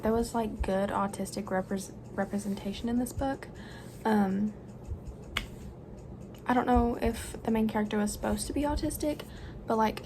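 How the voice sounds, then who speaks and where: A bubbly young woman chats to a camera propped on the floor. She talks loosely and fills her sentences with "like" and "um". A fan hums clearly behind her in a noisy home room. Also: fairly high pitch. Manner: bubbly, chatty, lots of fillers. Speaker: book vlogger. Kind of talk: casual chat to camera.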